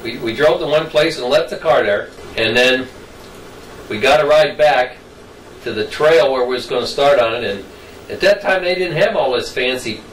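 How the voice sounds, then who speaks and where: A man's voice: mid-range voice, lively intonation, moderate pace. An older man telling childhood stories in a rambling, folksy way. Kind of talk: casual storytelling. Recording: roomy distant mic, faint noise.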